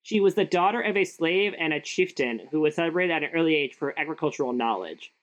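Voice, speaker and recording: A woman's voice: sits low, expressive, quick pace, muffled recording. A young woman cohosting a podcast in casual chat, giggly and sarcastic, with lots of "like".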